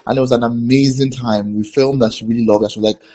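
A man's voice: medium pitch, fairly even intonation, fast, dark tone, poor audio. A man, a filmmaker, giving rambling interview answers full of fillers and restarts. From Nigeria.

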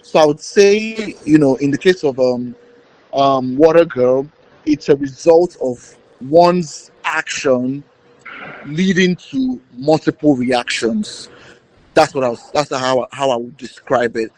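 A man's voice: fairly high pitch, slow pace, a little mellow, poor audio. A man, a filmmaker, giving rambling interview answers full of fillers and restarts. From Nigeria.

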